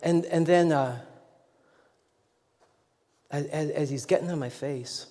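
A man's voice: fairly high pitch, slow, warm tone. A man preaching a sermon as a pastor, telling a story in a rambling, self-deprecating way with many restarts. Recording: long echoing hall reverb.

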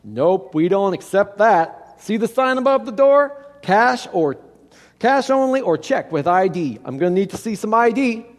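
A plainspoken country mechanic of about seventy, played by a male storyteller, matter-of-fact and blunt. The voice sits high, and a long reverb hangs around it as in a large hall. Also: expressive, a little slow. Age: 70s.

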